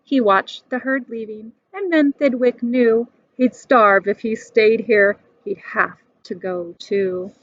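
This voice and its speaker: Slow expressive woman reading a storybook. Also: on the high side. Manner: lively, animated, rhyming delivery. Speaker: storybook reader. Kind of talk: expressive storybook read-aloud. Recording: dull dry recording.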